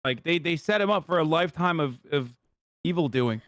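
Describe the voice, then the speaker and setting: A man's voice: a little high, expressive, a little fast, fairly bright tone, no echo, studio quality. A man streaming from the United States, reacting to a video in brash, profane, joking casual chat.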